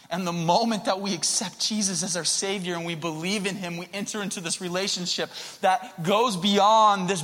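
A man preaching a sermon into a handheld mic, conversational and swinging from quiet to loud. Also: high voice. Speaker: pastor. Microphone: handheld microphone. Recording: long hall reverb.

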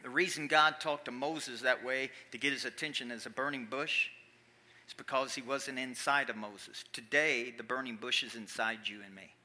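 A man preaching a sermon in church, animated, swinging from quiet asides to loud emphatic calls. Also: mid-range voice, normal speed. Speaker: pastor.

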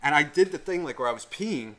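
Guy on a podcast telling a wild story, cusses constantly, bright edgy voice. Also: fairly high pitch, fast. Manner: profane, rambling, animated storyteller. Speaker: podcast co-host. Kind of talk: casual storytelling chat.

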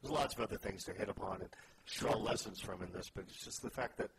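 Man, lowish voice, reflective faith talk, background hiss. Co-host type. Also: steady tone. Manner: reflective, searching, halting phrasing. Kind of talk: reading scripture, then casual faith discussion. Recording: noisy background ambience.

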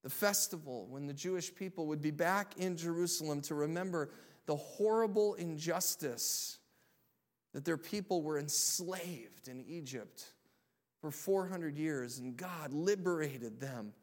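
Male pastor, high-pitched and unhurried, lively sermon delivery that rises to loud proclamation. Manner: energetic, rallies the congregation, builds to loud proclamation.

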